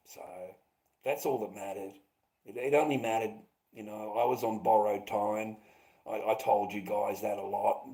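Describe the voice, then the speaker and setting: A middle-aged Australian man talks to his viewers in a long, bitter, rambling monologue. His voice sits fairly low, and he swears heavily, repeats himself, and keeps tossing in "mate.". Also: dark tone, low-quality recording. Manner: profane, bitter, repetitive, calls listeners mate. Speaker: vlogger.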